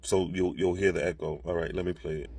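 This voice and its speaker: A man's voice: low-pitched, steady tone, fast, vocal fry, a little mellow, husky, no room sound. A man telling a story into his own camera at home, rattled and rambling, with many restarts. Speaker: social media creator. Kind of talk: casual self-recorded video.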